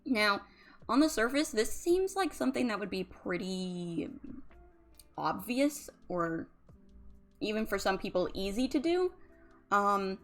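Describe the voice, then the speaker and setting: A woman's voice: mid-range voice, big pitch swings, a little slow, long pauses, soft background music. A woman, a drowsy, yawning streamer who rambles casually about emotions with lots of fillers. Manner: rambling, chatty, many fillers. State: sleepy, yawning.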